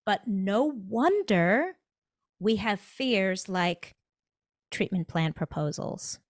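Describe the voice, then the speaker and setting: Woman, dentist guest, emphatic, animated, mid pitch, dry close podcast mic. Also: no room sound. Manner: emphatic, animated, acts out inner thoughts. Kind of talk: motivational conversational talk.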